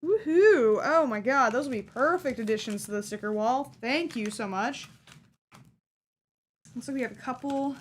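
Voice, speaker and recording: A woman's voice: on the high side, normal speed, slight background noise. A woman streaming herself opening a fan's care package, chatting casually and gushing with delight over each item. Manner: bubbly, gushing, easily delighted. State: hiccups. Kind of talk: casual unboxing chat.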